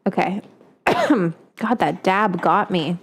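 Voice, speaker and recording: A woman's voice: on the low side, slightly rough. A woman hosting a home cooking show in casual chat. She swears freely, keeps breaking into coughing fits, and baby-talks to her dog in her kitchen.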